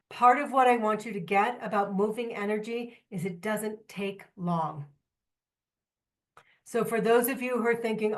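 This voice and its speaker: A woman trainer giving a lively, candid workshop talk to a live audience, with joking asides and questions to the room. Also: a little high. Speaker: trainer presenting at a symposium.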